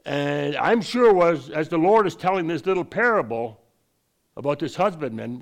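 A man teaching from scripture in a conversational way, reading verses slowly and then explaining them in quick asides. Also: fairly high pitch, animated, vocal fry. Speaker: preacher. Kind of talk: Bible teaching.

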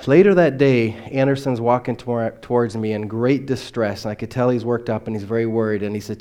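In a fast sermon with few pauses, a man speaking as a missionary tells a personal story with real earnestness. His lowish voice alternates between forceful, loud statements and endings that fade quietly away.

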